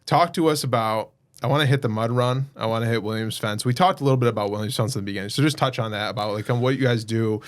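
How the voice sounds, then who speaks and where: A man hosting a podcast interview, enthusiastic and warmly praising his guest before steering to the next topic. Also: mid-range voice, fast talker, hardly any pauses. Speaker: podcast host. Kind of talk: casual interview talk.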